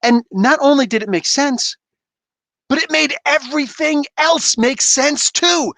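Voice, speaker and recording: A man's voice: extremely high pitch, bright, forceful tone, dry recording. A man hosting a livestream, emphatic and rambling as he talks casually with fans. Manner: emphatic, rambling, fan banter. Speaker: comic book reviewer, livestream host.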